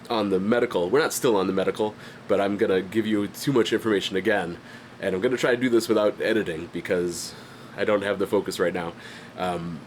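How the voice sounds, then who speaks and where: A fairly low-pitched man, with slight background noise, rambles through a casual vlog about his art business from his home studio. As an independent artist running his own channel, he sounds stuffy-headed and coughs lightly, poking fun at himself while filling his speech with fillers and false starts.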